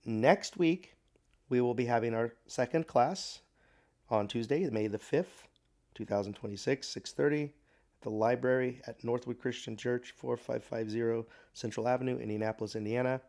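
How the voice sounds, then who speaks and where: A man teaching a recorded Bible class, speaking thoughtfully with pauses, restarts and fillers. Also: medium pitch, a little mellow.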